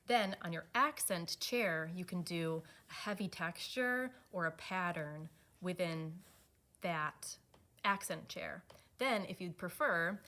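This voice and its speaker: A woman's voice: on the low side, a bit bright. A woman presenting furniture fabrics, explaining design options step by step in a practical way. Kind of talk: product walkthrough.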